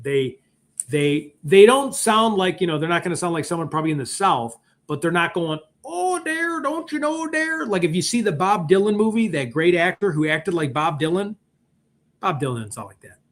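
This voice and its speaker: A man's voice: fairly high pitch, fairly quick. A middle-aged man with a Chicago accent, rambling and joking in a casual livestream chat as host. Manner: rambling, animated, joking asides. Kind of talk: casual live-stream chat.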